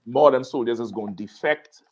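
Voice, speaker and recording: A man hosting a loose talk show, with a middling voice that is neither high nor low. He tells his story with energy and plays out every quote as he goes. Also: brisk. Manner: animated storytelling, acting out quotes. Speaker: show host. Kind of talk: casual show commentary.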